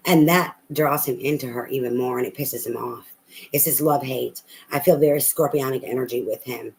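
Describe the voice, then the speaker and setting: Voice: mid-range voice, steady tone, brisk, a little mellow, poor audio. A tarot reader giving a casual reading, talking bluntly and emphatically with a lot of profanity and repetition.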